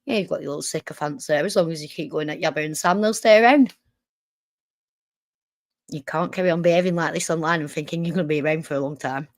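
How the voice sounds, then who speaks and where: Woman host reacting to clips, sarcastic and sweary, lowish voice, close dry sound. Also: fast talker, dry recording. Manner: sarcastic, sweary, talks back at the clip. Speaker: streamer host. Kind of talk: reaction commentary.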